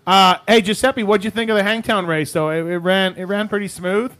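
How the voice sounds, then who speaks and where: High-voiced laughing radio host. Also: male voice, fairly even intonation, brisk, a bit bright. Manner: laughing, stammering asides. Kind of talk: casual radio talk.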